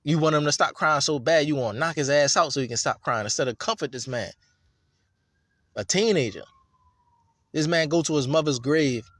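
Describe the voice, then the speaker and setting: A man's voice: a little high, normal speed, pauses often, a bit bright, no echo, studio quality. A man reading scripture and breaking into an emphatic, profane, repetitive rant about it. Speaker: scripture reader and commentator.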